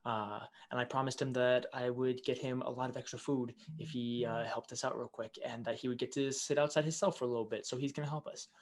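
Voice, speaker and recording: A man playing a brisk female prison guard who explains things quietly and in a hurry. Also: medium pitch, flat delivery, slight background noise, close to an everyday voice. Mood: hurried.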